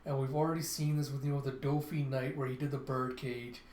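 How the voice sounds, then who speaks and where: A man giving a casual comic review, narrating scenes in an animated play-by-play with frequent sighs and filler words. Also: mid-range voice, a little fast, echoey room, slight background noise. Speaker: manga reviewer.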